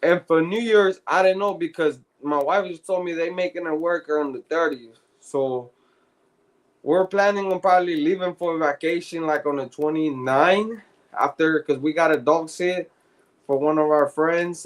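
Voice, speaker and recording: A man's voice: fairly high pitch, fairly even intonation, normal speed. A man telling stories in casual podcast chat, profane and slangy, laughing often. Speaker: podcast co-host.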